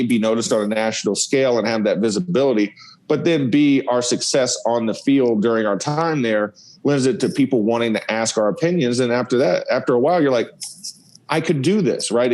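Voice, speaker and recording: A man's voice: medium pitch, low-quality recording. A man in his forties, a former college offensive lineman, telling stories casually and acting out scenes as he laughs. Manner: animated, laughing, acts out scenes. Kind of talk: casual podcast storytelling.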